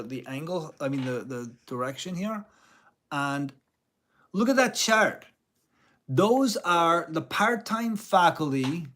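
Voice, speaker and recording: Slow-talking indignant guitar teacher. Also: male voice, on the high side. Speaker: guitar channel host, part-time music teacher. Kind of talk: casual to-camera commentary.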